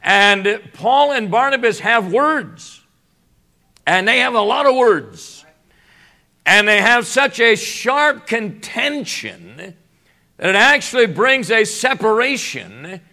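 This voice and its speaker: A man preaching a sermon in a church as guest pastor, still in his morning voice. He talks haltingly with many fillers and builds to emphatic points. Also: sits high, sharp tone. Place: church sanctuary.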